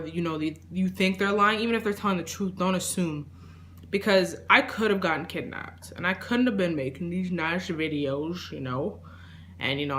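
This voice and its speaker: A young woman telling a personal story in a casual vlog, rambling with lots of fillers and trailing off into quiet asides. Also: fairly low pitch, a little hiss or hum. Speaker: vlogger.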